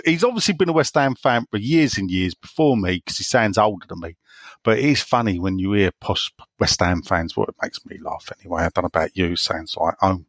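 A man's voice: sits low, animated, brisk, no room sound, studio quality. A man with an East End London accent hosting a casual podcast chat, joking around and reading out listener questions. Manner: jokey, reads out listener questions. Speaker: podcast host.

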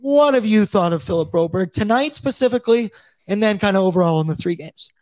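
A man's voice: high-pitched, animated, a little fast, a little mellow, no room sound. A man hosting a casual hockey talk show, upbeat, reading viewers' chat comments aloud and tossing questions to his co-hosts. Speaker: podcast host.

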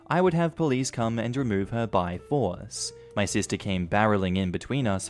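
A man reading an online story aloud as its narrator, steady and matter-of-fact. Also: fairly low pitch. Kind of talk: scripted narration of online stories.

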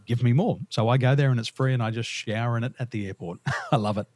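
An Australian man, a guest on an interview, telling lively stories and laughing through them. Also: medium pitch, fast, no echo. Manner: animated, laughs through his own stories. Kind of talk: casual storytelling interview.

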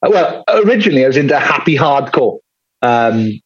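A man's voice: mid-range voice, sing-song, a little fast, husky, highs cut off. A man with a Welsh Valleys accent chatting candidly as a podcast guest, rambling through stories and swearing freely. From Wales. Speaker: guest musician. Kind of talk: casual podcast chat.

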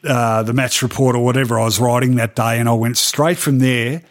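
Speaking a little fast, a middle-aged Australian recounts his time as a sports journalist during a relaxed podcast interview. His medium-pitched voice is animated, broken up by frequent ums and laughs.

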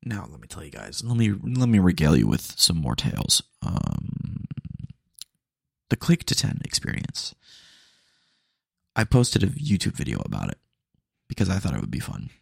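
Give me a young male podcast host telling stories casually, lively pitch and a dry, close sound. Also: normal speed, vocal fry, long pauses, slightly rough, no echo. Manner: chatty, animated, slangy with frequent fillers. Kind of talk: casual storytelling monologue.

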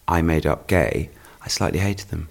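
A man's voice: very deep voice, moderate pace, gravelly. A man in casual conversation, speaking candidly and animatedly about himself. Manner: confessional, animated, self-deprecating.

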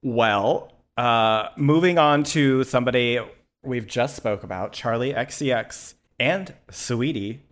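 A man's voice: mid-range voice, unhurried, fairly bright tone. A man co-hosting a podcast in casual chat, playful and sarcastic, laughing often. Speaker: podcast co-host.

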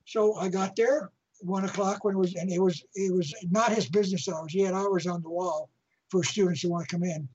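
A man speaks as an interview guest, spinning a long story in a husky, slightly rough voice. He often repeats and restarts his phrases as he goes. The recording is muffled and lo-fi. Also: high-pitched, steady tone, brisk, a little mellow. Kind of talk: telling an anecdote in an interview.

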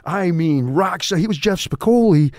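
An older man telling stories as a guest in a casual interview, animated and quick to break into laughter. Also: sits high, no room sound, studio quality.

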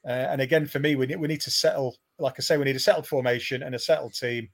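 A man's voice: medium pitch, fairly even intonation, rapid-fire. A man co-hosting a casual football discussion, sharing opinions with hesitant starts and repeated words. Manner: hesitant, repeats words before getting going. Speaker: co-host and football pundit.

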